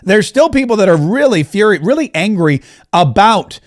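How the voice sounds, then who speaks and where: High-voiced sarcastic male podcast host. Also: sing-song, normal speed. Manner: sarcastic, joking, digressive. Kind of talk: political commentary podcast.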